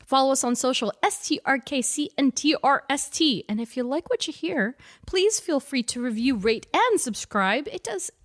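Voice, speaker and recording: Bubbly, gushing woman co-host, raised pitch. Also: lively intonation, moderate pace, hardly any pauses. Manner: bubbly, laughs often, gushing. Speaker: podcast co-host. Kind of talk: casual pop-culture chat.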